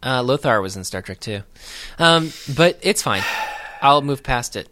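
Dude rambling thru a movie recap on a podcast, sarcastic, full of uhs. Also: male voice, medium pitch, lively intonation, a little slow, sharp tone, slight background noise. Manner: rambling, hesitant with many fillers, wry. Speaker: podcast co-host. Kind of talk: casual film recap chat.

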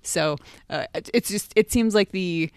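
A woman co-hosting a casual podcast, amused and animated, who acts out quotes with a jump in pitch. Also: measured pace, smooth, dry recording, studio quality. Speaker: podcast co-host. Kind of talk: casual chat.

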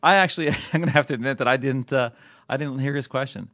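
A man's voice: medium pitch, fast talker, a bit bright, no echo, clean studio sound. A man hosting a podcast in casual chat, joking and laughing often. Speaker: podcast host.

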